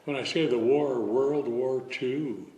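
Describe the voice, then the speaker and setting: A man in his eighties from Southern California, a guest telling stories with relaxed, self-deprecating humor. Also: medium pitch, takes it slowly, a crowd in the background. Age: 80s. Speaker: interview guest. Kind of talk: casual interview chat. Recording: echoey hall with long reverb.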